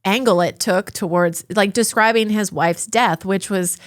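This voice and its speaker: A woman co-hosting a casual TV review chat, animated and exasperated, laughing often as she talks. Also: mid-range voice, a little slow, no room sound, clean studio sound. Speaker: podcast co-host.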